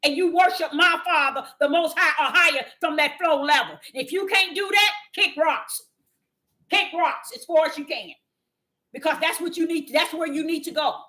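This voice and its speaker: A woman preaching an impassioned sermon in a fervent, scolding manner that rises to shouting. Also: sits high, moderate pace. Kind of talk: impassioned street-style sermon.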